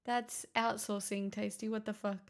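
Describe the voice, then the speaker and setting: Gravelly woman streamer. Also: medium pitch, flat delivery, normal speed. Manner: reads chat messages aloud with playful quips. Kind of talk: casual live-stream chat.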